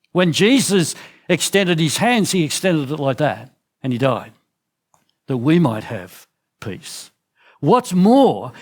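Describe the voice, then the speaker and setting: A middle-aged man with an Australian accent preaching a sermon in church, earnest, often restarting his phrases. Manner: earnest, with frequent restarts and drops in pitch. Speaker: pastor.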